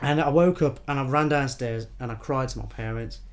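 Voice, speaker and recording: A young man telling a personal story in casual podcast chat, animated and swearing freely. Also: medium pitch, fairly quick. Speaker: podcast guest.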